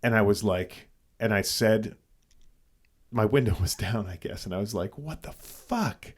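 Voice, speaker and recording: A man's voice: on the low side, fairly even intonation, normal speed. A man co-hosting a podcast, telling a story casually and animatedly, with frequent swearing and restarts. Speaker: podcast co-host.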